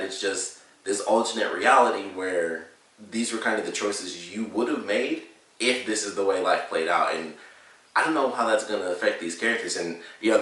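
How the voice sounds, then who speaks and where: A man with a fairly low, bright, forceful voice gives a casual, rambling review of a TV episode, full of fillers and restarts. He's in a home room with a dog, and the very echoey recording catches him a bit off mic, as if from a distance.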